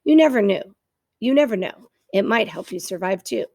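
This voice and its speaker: A woman's voice: mid-range voice, lively intonation, normal speed, gravelly, a little mellow, no echo, studio quality. Woman playing a gushing theatrical opossum. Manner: dramatic, gushing. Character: theatrical chatty female opossum, a born ham.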